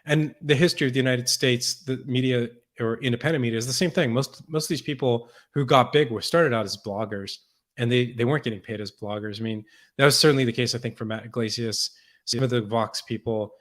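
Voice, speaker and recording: A man's voice: mid-range voice, brisk, fairly bright tone. A man as a podcast guest, talking in a thoughtful, conversational way with many restarts and repeated words. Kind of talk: conversational interview.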